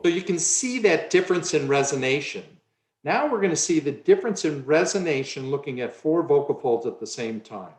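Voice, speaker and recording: A man's voice: on the high side, animated, a little fast, roomy sound. A man giving a conference lecture on the voice, now and then changing his own voice to show a point.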